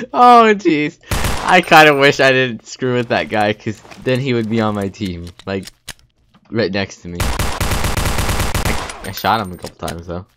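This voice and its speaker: A man's voice: on the low side, a little slow, bright, forceful tone. A young man giving casual gameplay commentary, taunting other players and laughing often. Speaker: gaming YouTuber. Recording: faint game noise behind.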